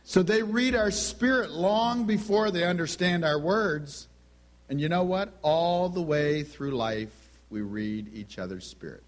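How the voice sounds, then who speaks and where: A middle-aged man preaching a sermon, telling stories with lively delivery and acting out the voices of the people in them. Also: fairly high pitch, measured pace. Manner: animated storytelling, acts out quoted voices.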